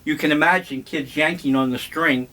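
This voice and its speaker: An older man reminiscing in a slow, rambling, wryly humorous monologue. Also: on the high side, steady tone, sharp tone. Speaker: vlogger.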